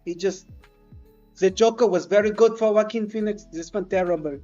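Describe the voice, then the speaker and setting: A woman's voice: medium pitch, moderate pace, dark tone, natural voice. A woman voicing a pompous French woman artist and cook with a put-on French accent, in improvised comedic role-play. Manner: grandiose, self-important, dry. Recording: dull lo-fi stream audio, faint music.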